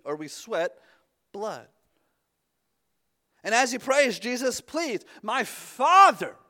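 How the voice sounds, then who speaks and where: A pastor with a high voice preaches a conversational sermon, often restarting his words and suddenly dropping to a hush.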